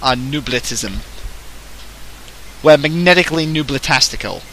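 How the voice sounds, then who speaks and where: A man's voice: mid-range voice, lively intonation, normal speed, a bit bright, a little hiss or hum, poor audio. An Australian man streaming a game, chatting casually and playfully, joking at his own expense. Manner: playful, joking, self-mocking. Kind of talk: casual gaming stream chat.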